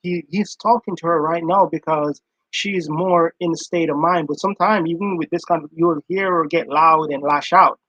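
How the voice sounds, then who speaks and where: A man's voice: fairly high pitch, fairly even intonation, moderate pace, bright, forceful tone, no room sound, highs cut off. A man hosting a stream, casually commenting on played clips, rambling and acting out quoted lines.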